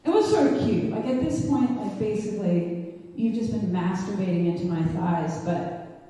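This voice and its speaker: A woman's voice: medium pitch, expressive, normal speed, mellow, far from the mic. A young woman performing a stand-up set, telling a crude story candidly and laughing often. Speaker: stand-up comedian. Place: comedy club stage. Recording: roomy reverb, mic heard from afar.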